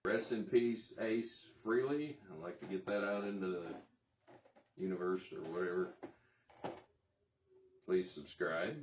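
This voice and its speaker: A man's voice: deep voice, a little hiss or hum. A man hosting his own channel, telling a story in a rambling, self-interrupting way with chuckles. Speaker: YouTube channel host. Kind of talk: casual talking-head vlog. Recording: roomy, distant, dull lo-fi sound.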